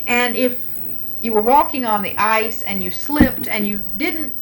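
A woman's voice: fairly high pitch, a little slow, noisy background. Patient woman interviewer prompting answers. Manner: patient, prompting with unfinished sentences. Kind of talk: dialect survey interview.

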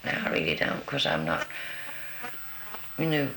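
Older guy, gravelly voice, folksy, roomy hissy recording. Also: deep voice, sing-song, a little slow. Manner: folksy, calls the interviewer honey. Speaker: interviewee. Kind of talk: answering a word-list interview. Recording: roomy recording with background hiss.

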